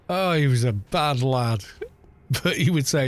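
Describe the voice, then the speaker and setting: A middle-aged British man streaming a game from home, drifting from one story to the next at an unhurried, leisurely pace. His voice sits in an ordinary middle pitch and his talk is loose and rambling, with the odd casual swear word. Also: expressive. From Britain. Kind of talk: casual chat while gaming.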